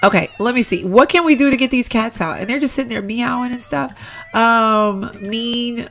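A woman giving casual, chatty commentary while playing a life-simulation game, excitable and addressing viewers as "y'all". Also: fairly high pitch, moderate pace, vocal fry. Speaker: Sims let's-play creator.

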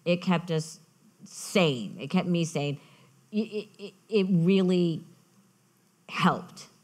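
A woman author talking as a guest in an onstage conversation at a festival. She tells lively anecdotes and often restarts her sentences. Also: fairly low pitch, takes it slowly. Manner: lively storytelling, frequent restarts. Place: festival stage.

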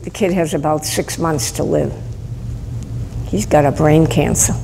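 Gravelly woman preaching in a hall. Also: deep voice, measured pace. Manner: animated storyteller, bursts of emphasis. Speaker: Catholic nun giving a talk at a school. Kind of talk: storytelling sermon. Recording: hall recording with faint ambient noise.

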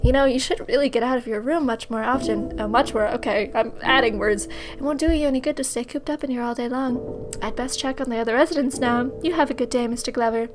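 A woman voicing a gentle, fussy woman who looks after elderly residents in a game. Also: on the high side, fast talker, music in the background, lightly acted. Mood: prim. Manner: sweet, fussy, old-fashioned phrasing. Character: prim, gentle woman caring for old residents.

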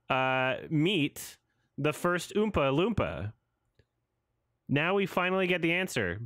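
A man's voice: a little high, sing-song, slow, pauses often, fairly bright tone, no echo, studio quality. A man in his thirties doing casual, sarcastic reaction commentary on a trailer, laughing and swearing as he goes.

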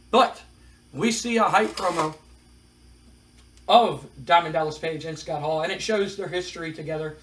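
A man's voice: fairly high pitch, fairly bright tone, low-quality recording. A man casually recapping a wrestling management game, reading out match scores with wry asides. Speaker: game commentator. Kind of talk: casual play-by-play of a wrestling sim.

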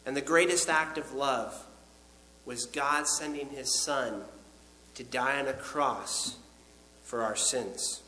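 A man teaching the Bible as a preacher, speaking earnestly and emphatically, slowing down on key lines. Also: mid-range voice, pushed and bright, roomy sound, slight background noise, low-quality recording.

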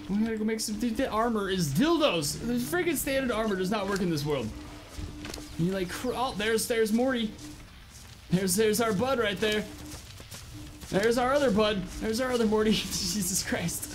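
A young man giving casual, excitable gameplay commentary, swearing often and yelling at his creatures during fights. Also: high voice, normal speed. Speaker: gameplay streamer.

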